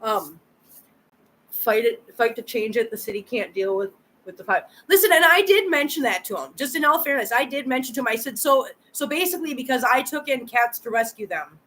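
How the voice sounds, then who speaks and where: A woman's voice: a little high, fairly quick, bright, forceful tone, low-quality recording. A woman hosting a live chat with viewers. She talks chattily, repeats words and answers comments directly. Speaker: channel host.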